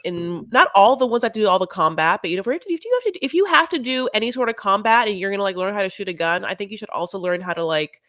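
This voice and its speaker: A woman co-hosting a casual chat, rambling with halting phrases and many fillers. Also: medium pitch, expressive, fairly bright tone, dry recording, studio quality. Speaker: podcast co-host.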